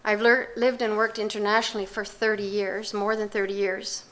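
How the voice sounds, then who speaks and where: An older woman giving a talk, telling a personal story in a measured, reflective way with pauses and restarts. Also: medium pitch, little pitch movement, a bit bright.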